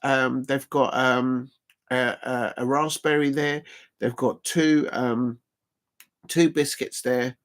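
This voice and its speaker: A man's voice: mid-range voice, steady tone, slow, fairly bright tone. A man hosting a casual live stream watch-along, rambling and chuckling as he chats to viewers.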